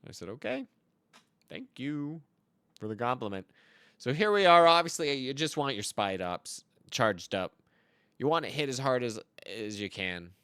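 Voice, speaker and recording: A young man commenting on his own card game match, telling deadpan, absurd tall tales between plays. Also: mid-range voice, normal speed, clean tone, dry recording. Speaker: card game content creator. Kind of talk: joking commentary over gameplay.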